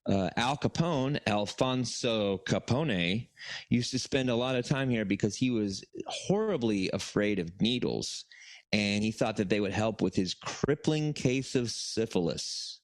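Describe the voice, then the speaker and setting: A man's voice: lowish voice, expressive, unhurried, no room sound. A man co-hosting a podcast, telling a story casually in a rambling, profane way, full of fillers and restarts. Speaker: podcast co-host.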